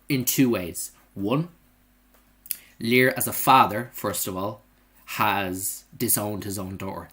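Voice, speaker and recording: A man leads a live online revision class in a chatty, animated way, often tagging "okay?" onto his points. His voice sits a little low. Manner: lively, conversational, keeps checking in with "okay?". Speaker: English teacher.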